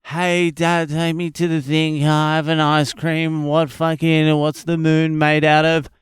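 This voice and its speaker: An Australian man imitates a small child nagging a parent, pushing his voice high and whiny. The demands pile up quickly, and the voice stays close and dry. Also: completely flat delivery, smooth, dry recording, close to an everyday voice.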